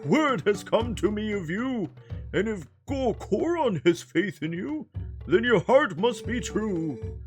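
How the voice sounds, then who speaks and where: A streamer voicing an old male rock-creature elder of a tribe, slow and formal as he reads the game's lines aloud. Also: high-pitched, big pitch swings, voice pushed up, full character voice. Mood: solemn. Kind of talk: reading game dialogue aloud in a voice. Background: game music.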